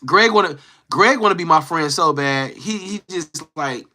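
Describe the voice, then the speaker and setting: A man's voice: a little high, expressive, normal speed, pushed and bright. A young man streaming live, casually chatting with his viewers and playfully teasing trolls in the chat. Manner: teasing, playful trash talk.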